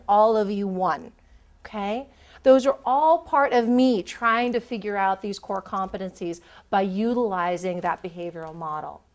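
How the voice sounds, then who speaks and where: A woman giving a public lecture on job interview skills, animated and acting out the voices she quotes. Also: medium pitch. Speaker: career lecturer. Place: lecture room.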